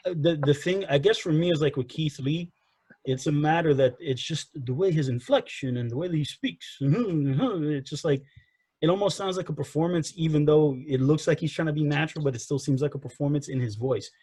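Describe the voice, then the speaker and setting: A man's voice: on the high side, brisk, a little mellow, slightly rough, dry recording. A man co-hosting a casual wrestling review podcast, rambling and repeating himself as he gives his opinions. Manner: rambling, repeats himself, frequent "you know" and "again". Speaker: podcast co-host.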